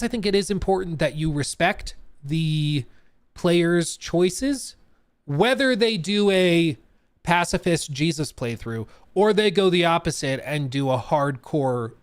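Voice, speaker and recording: A man streams live and chats off the cuff, his voice moving up and down in a lively way. He is slightly higher than most men, and the sound is dry and close with no room around it. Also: no room sound. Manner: animated, chatty, laughs at own tangents. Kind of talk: live-stream reaction chat.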